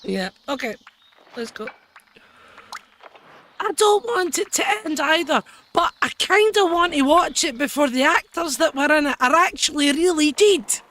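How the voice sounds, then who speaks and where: A woman with a hoarse, deep-sounding voice, chatting casually, exasperated and swearing as she streams a game. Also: expressive, measured pace, a bit bright. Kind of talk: casual gaming stream commentary.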